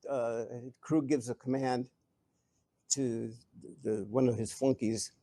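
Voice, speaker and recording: An older man answering audience questions at a live event, telling stories in an animated way, chuckling and often restarting his sentences. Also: medium pitch, slow pace, no echo. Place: event hall before an audience.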